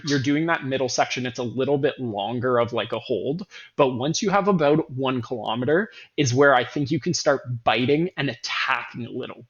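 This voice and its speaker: A man's voice: mid-range voice, dull audio. A man hosting a casual running talk, earnest and emphatic, often repeating words and correcting himself mid-sentence. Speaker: running coach host.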